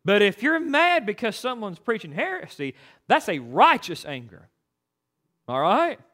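A man's voice: high-pitched, big pitch swings, unhurried, pushed and bright. A man preaching a sermon as pastor, emphatic and preachy, with stammered restarts.

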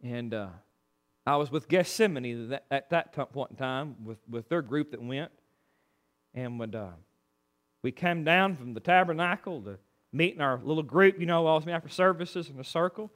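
A man preaching a sermon, telling homely stories with a bright, tense edge. His voice sits high for a man and leaps up and down as he goes between loud proclamation and quiet aside. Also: lively intonation, moderate pace.

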